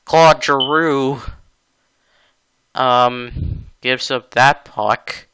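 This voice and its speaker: A man's voice: mid-range voice, steady tone, extremely slow, bright, forceful tone, slight background noise, low-quality recording. A man giving casual commentary over his own hockey video game clips, chatty, laughing often and getting exasperated. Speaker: gaming channel host.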